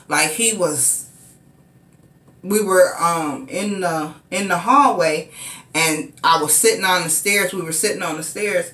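A woman's voice: lowish voice, sharp tone, echoey room. A woman telling a personal story in a casual, rambling way, repeating herself and using many fillers.

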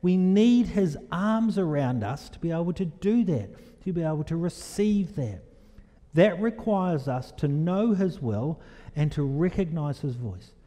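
A preacher in a church delivers an animated, storytelling sermon, turning often to the congregation with questions. His voice sits fairly high but has a mellow, dark tone. Long reverb from the hall trails every phrase. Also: a little slow.

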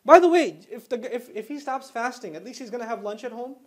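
Man, high-pitched, Islamic lecture, conversational storytelling, rapid Arabic recitation. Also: animated. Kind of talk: Islamic lecture to a student audience.

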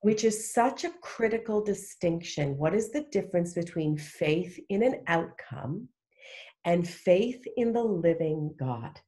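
A woman's voice: on the low side, lively intonation, a little slow, mellow. A middle-aged woman speaking as a podcast guest, earnest and heartfelt in a casual faith conversation. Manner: earnest, heartfelt, emphatic with restarts.

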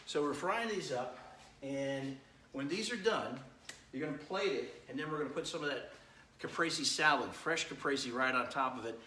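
A middle-aged man hosts a casual live cooking demo from his home kitchen, frying chicken while chatting with viewers and greeting them by name. His medium-pitched voice has a sharp tone and normal speed. The kitchen sounds echoey, with a sizzling pan faintly audible behind him.

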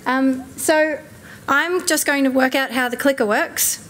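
Softly spoken woman. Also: high-pitched, a little slow, a little hiss or hum. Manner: softly spoken, walks the stage as she talks. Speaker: keynote speaker. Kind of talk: conference keynote talk. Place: conference stage.

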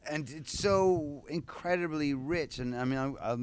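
A man's voice: on the high side, normal speed, slight background noise. Rambling, musing man in an interview. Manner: musing, full of restarts and asides. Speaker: voice actor guest. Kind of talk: casual convention interview.

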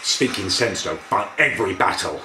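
A man, a vlogger gushing with excitement while reacting to a trailer and swearing casually. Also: low-pitched, normal speed. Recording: echoey room with faint music.

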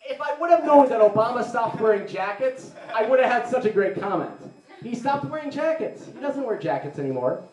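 Young man, live stand-up, sarcastic rambler, high voice, roomy distant sound. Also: big pitch swings, brisk, a little mellow, a little hiss or hum. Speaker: stand-up comedian. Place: live comedy venue. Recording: roomy, mic heard from a distance.

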